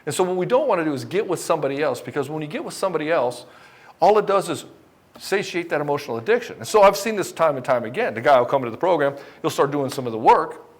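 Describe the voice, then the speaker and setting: A middle-aged man delivers a rapid-fire motivational talk to divorced men, his voice sitting slightly high for a man. He swears bluntly and speaks with raw conviction, sometimes acting out both sides of a conversation. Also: lively intonation. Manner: blunt, profane, passionate, acts out both sides of dialogues. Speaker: dating and divorce coach. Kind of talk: direct-to-camera motivational talk.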